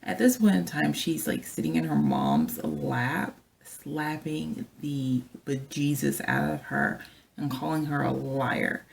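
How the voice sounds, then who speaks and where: Low, gravelly-voiced woman telling a story. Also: slow. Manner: chatty, animated, addresses viewers directly. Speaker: flight attendant. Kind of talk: casual storytelling vlog.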